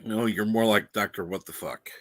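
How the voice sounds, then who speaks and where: A man's voice: on the low side, fairly even intonation, moderate pace, dry recording. A man hosting a casual livestream, reading the chat aloud and laughing often. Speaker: livestream host.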